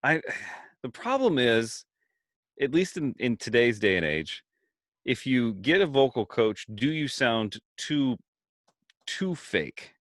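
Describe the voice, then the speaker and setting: A man's voice: medium pitch, very animated, slow, fairly bright tone, no echo, clean studio sound. A man co-hosting a podcast in casual chat, telling stories and mimicking voices. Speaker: podcast co-host.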